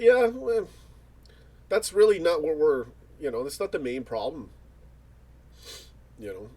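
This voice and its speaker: A man's voice: medium pitch, dark tone. A man hosting a casual livestream, reading viewer comments and chatting in rambling, joking banter with frequent restarts. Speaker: livestream host.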